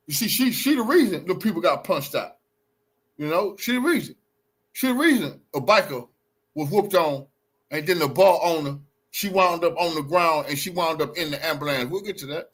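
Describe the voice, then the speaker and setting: A high-pitched, husky man livestreaming on his phone from a bar. He talks in an agitated, repetitive way, full of profanity and street slang, circling back to the same point again and again. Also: lively intonation, normal speed, fairly bright tone. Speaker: livestreaming vlogger. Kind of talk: heated livestream confrontation and recap. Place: in and around a bar.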